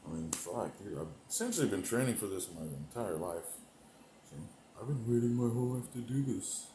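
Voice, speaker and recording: A man with a fairly low voice rambles through a profane comedic monologue, drifting from thought to thought and chuckling to himself. He lurches between sudden loud bursts and half-mumbled asides. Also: animated, brisk, echoey room, noisy background. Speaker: comedic performer.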